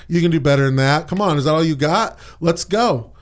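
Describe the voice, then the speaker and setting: A man's voice: fairly high pitch, brisk, lightly acted. A man quoting a taunting bully of a man. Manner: taunting, contemptuous. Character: abusive adult man taunting a teenager.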